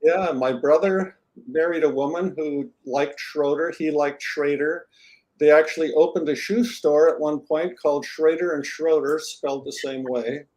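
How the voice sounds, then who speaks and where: A man with a somewhat higher voice hosts an interview. He reads out a guest introduction, then shifts into easygoing, joking chat. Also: fairly even intonation, moderate pace, darkish tone, rough recording. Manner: friendly, jokey, self-deprecating. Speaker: interviewer host.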